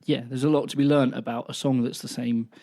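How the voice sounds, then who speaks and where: A man's voice: medium pitch, level tone, fast, dark tone. A man co-hosting a casual chat, mostly answering with short agreeing replies and now and then adding longer points. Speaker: co-host.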